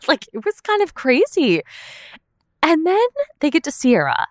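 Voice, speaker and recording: A woman's voice: high voice, huge pitch swings, unhurried, no room sound, studio quality. A young woman hosting a podcast, recapping a reality show in casual chat, full of "like" and the odd swear word. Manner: chatty, peppered with "like", swearing. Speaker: podcast host.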